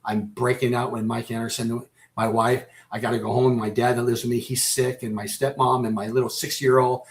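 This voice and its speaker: Halting, emotional male radio guest. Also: mid-range voice, little pitch movement. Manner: halting, repeats and restarts phrases; emotional, close to breaking down. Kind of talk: personal storytelling in a radio interview.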